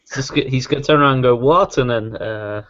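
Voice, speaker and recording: A man's voice: medium pitch, quick pace, fairly bright tone, dull audio. A man playing a tabletop game, talking casually and easygoing, a bit distracted. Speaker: player.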